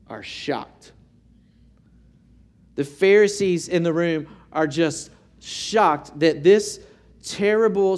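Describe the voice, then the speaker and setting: Guy preaching slow and earnest, kinda high voice, lots of questions to the crowd. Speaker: pastor. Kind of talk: sermon.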